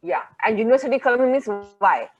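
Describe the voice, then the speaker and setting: A woman student in an online class, quickly agreeing and repeating the point back to confirm it. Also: fairly high pitch. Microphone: video call. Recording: muffled call audio, off-mic at times.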